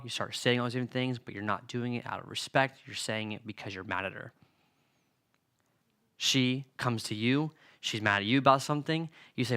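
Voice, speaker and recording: Bright-voiced young male preacher. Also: mid-range voice, brisk, clear, resonant tone. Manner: earnest, conversational, acts out quoted dialogue. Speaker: youth preacher. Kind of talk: sermon-style teaching on a book.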